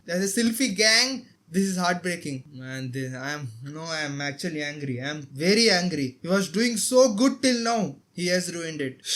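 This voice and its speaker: Indian-accented male reactor, bright tense tone, emotional running commentary on an anime episode. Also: high voice. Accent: Indian English. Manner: talks back at the screen, emotional and exclaiming.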